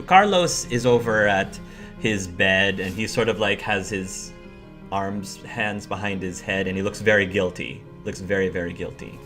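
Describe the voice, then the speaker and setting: A man narrating a tabletop role-playing game as game master, slow and measured. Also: lowish voice, a bit bright.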